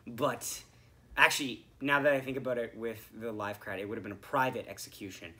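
A man's voice: medium pitch, fairly even intonation, brisk. A young man co-hosting a podcast, recapping a hockey game in rambling, profane casual chat. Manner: rambling, profane, swings from mumbling to shouting. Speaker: podcast co-host.

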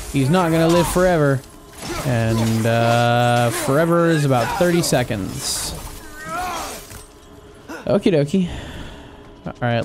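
A young man giving casual let's-play commentary, trash-talking enemies with lots of swearing and joking asides. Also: medium pitch. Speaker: gaming channel host. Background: game music and combat sounds.

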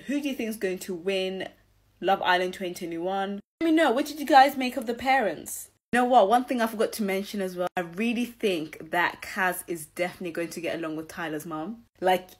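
A woman's voice: medium pitch, lively intonation, brisk. A young woman giving casual, gushing commentary on a reality TV show and talking straight to her viewers. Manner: gushing, chatty, addresses viewers directly.

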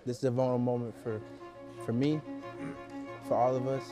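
A man's voice: mid-range voice, flat delivery, fairly quick, over music. A man talking casually to the camera in a mock-sincere, joking way. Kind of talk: casual vlog talk to camera.

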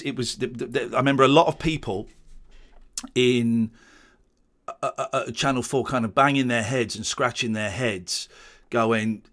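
A man's voice: medium pitch, fairly bright tone. A man, rambling and restarting as he gives casual commentary on his old show. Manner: rambling, many restarts and stammers. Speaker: host watching back his old show.

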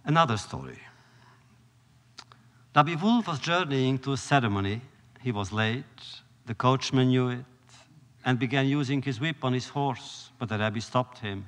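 A man giving a storytelling lecture, measured and solemn with dramatic pauses. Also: mid-range voice, a bit bright. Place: lecture hall. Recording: long reverb of a lecture hall.

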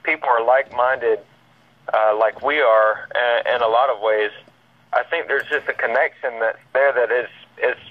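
Over a tinny phone line, a paranormal investigator from Georgia talks casually as a podcast guest, his Southern accent easygoing and his speech full of repeats and fillers like "man." He keeps a medium pitch and steady tone at normal speed.

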